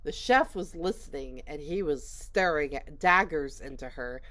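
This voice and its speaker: A woman's voice: low voice, a little slow, fairly bright tone. A woman casually recapping a movie she watched, chatty and rambling, with lots of fillers. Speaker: movie reviewer.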